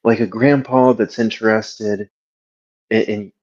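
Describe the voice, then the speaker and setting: A player at a tabletop role-play game rambling playfully with repeated restarts. The voice is husky, mid-pitched. It comes through a somewhat dull, lo-fi voice call. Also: fairly even intonation, slow, darkish tone. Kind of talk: casual tabletop game chat.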